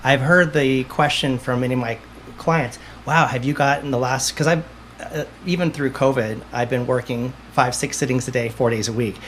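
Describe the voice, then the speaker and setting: A man's voice: medium pitch, moderate pace, slight background noise. A man, a medium, chatting as a podcast guest and telling stories with acted-out dialogue. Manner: lively storyteller, acts out dialogue. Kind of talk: casual interview chat.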